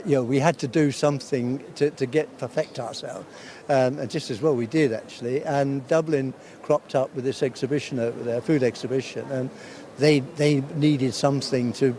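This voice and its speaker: A man's voice: mid-range voice, mellow, slight background noise. An older man in a casual interview, telling rambling stories about the early years, chuckling as he goes. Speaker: awards founder interviewed. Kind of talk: anecdotal interview chat.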